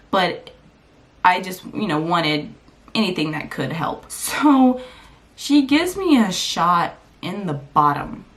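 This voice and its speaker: A young woman vlogger telling a personal story at home, animated, acting out what people said with big jumps in her voice. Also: on the low side. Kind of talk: storytime vlog. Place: home room. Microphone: camera mic.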